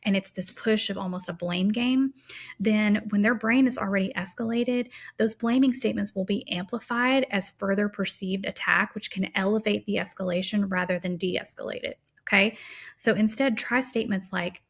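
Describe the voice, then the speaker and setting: A woman's voice: medium pitch, normal speed. A woman hosting a parenting podcast, teaching in a casual, conversational way and acting out everyday family examples. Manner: warm, practical, conversational with quoted examples. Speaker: podcast host.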